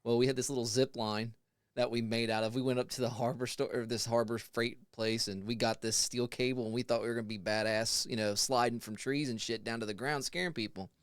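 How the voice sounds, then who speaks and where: Man, forties, smooth resonant voice, laid-back storytelling, swears casually, dry close sound. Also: medium pitch, steady tone, fairly quick, no echo. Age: 40s. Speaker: podcast co-host.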